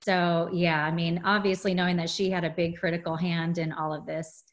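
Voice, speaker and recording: A woman's voice: fairly low pitch, little pitch movement, normal speed. A woman, a guest in a casual interview, talking earnestly with many "you know" fillers.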